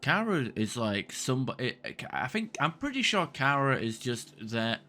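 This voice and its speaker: A man's voice: medium pitch, very animated, moderate pace, bright, forceful tone, soft background music. A man streaming a game, rambling casually and venting in frustration, with occasional swearing. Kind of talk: casual gameplay chat.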